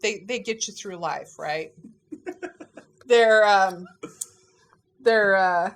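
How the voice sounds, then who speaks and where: A woman in casual conversation, recalling family events in a chatty, animated way and laughing often. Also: medium pitch, extremely slow, slight background noise. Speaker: family member recounting a parent's final weeks.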